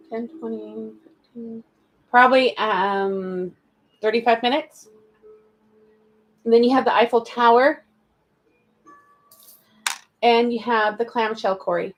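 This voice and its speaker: A woman's voice: on the high side, low-quality recording. A woman giving live-stream spiritual card readings, chatty and calling viewers darling and sweetie. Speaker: spiritual reader.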